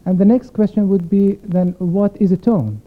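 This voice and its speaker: Male concert violinist, reflective spoken intro from the stage, slightly high voice, tinny lo-fi capture. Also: steady tone, moderate pace. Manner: reflective, explanatory, poses questions to the audience. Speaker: concert violinist addressing the audience. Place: concert stage before a live audience. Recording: thin phone-like sound.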